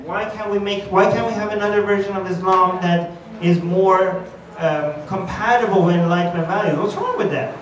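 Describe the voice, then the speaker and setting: Male conference speaker, argumentative and lively, high voice, echoey hall, faint hiss. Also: moderate pace. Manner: animated, argumentative, acts out quoted voices. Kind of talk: conference talk. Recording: echoey hall, distant mic, faint noise.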